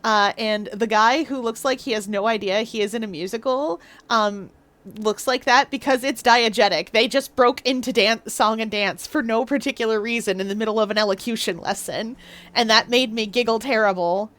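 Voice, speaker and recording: A woman's voice: on the high side, normal speed, fairly bright tone. A woman streaming a game live, chatting casually in a playful, rambling, self-mocking way. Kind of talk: casual live gameplay commentary.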